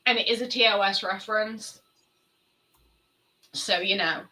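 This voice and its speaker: A woman's voice: mid-range voice, steady tone, a little slow, bright, forceful tone, rough recording. A woman co-hosting a podcast over a video call, chatting casually and poking fun at herself. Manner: chatty and self-mocking. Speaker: podcast co-host. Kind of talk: casual chat.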